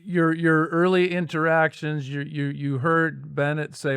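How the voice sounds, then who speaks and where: Slow, halting male podcast host. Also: on the high side, little pitch movement, vocal fry, a bit bright, clear, resonant tone, no echo, studio quality. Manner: halting, repeats words while framing questions. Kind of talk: interview questions.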